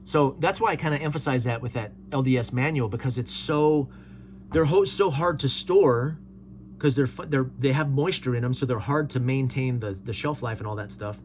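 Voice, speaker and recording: Hosting a laid-back solo commentary show, a man reads viewer comments aloud and answers them with dry chuckles. He speaks at medium pitch and normal speed, with slight background noise.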